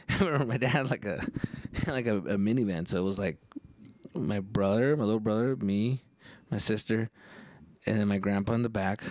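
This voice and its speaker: A man's voice: on the low side, a little mellow, no room sound. A man in his thirties hosting a podcast and casually telling a story, loose and heavy on profanity. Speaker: podcast host.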